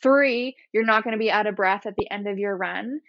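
A woman's voice: medium pitch, fairly quick, no echo, highs cut off. A woman physiotherapist explaining exercises in a casual, chatty way, laughing often and guiding breathing step by step.

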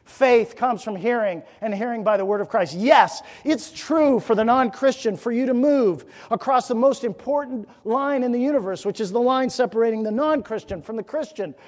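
A man preaching a sermon as pastor, earnest and exhorting, with rhetorical questions, swinging from loud emphasis down to hushed near-whispers. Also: very high-pitched, normal speed, hardly any pauses. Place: church sanctuary. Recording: reverberant church hall.

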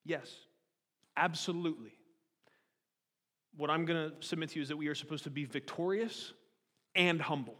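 A man preaching with a fairly high voice, rising and pressing as he throws rhetorical questions at his listeners. His sermon rings through a church hall with a long reverb tail. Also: moderate pace, long pauses, sharp tone. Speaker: pastor.

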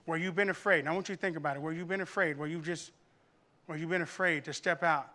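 A man delivers a sermon in a high, bright voice, pressing his congregation with repeated calls to listen. He builds from quiet coaxing to urgent exhortation, with a faint lilt. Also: fairly even intonation, quick pace. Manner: preaching with rising intensity and repetition; tells humorous family anecdotes to the congregation. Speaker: pastor.

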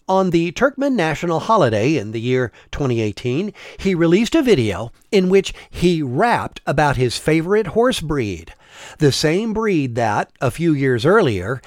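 A man narrating a travel story in a measured, wry scripted style. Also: a little high, no room sound, studio quality.

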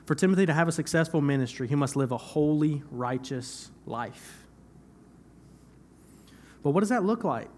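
A man's voice: mid-range voice, fairly quick, darkish tone. A young man preaching a sermon in church, talking conversationally, repeating phrases for emphasis and laughing at himself now and then. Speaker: pastor.

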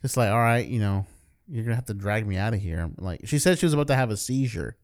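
A man's voice: fairly low pitch, lively intonation, fast, darkish tone. A man co-hosting a casual podcast chat, loose and joking, calling others bro. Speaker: co-host.

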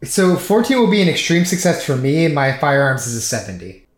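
A player in a tabletop game, expressive and quick to laugh. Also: medium pitch, echoey room. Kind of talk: casual tabletop play.

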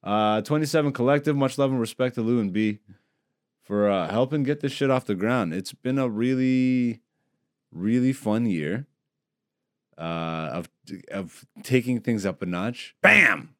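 A podcast host with a medium-pitched, darkish voice talks unhurriedly in a studio, recorded on a studio microphone with no echo. The casual chat is loose, rambling, laid-back, and full of jokes.

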